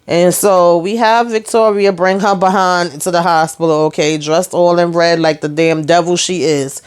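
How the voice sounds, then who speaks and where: A young woman recaps a TV episode in a loose, sassy way, full of asides and animated retelling. Her voice is smooth and clean, pitched a little low for a woman. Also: normal speed. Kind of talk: casual TV recap.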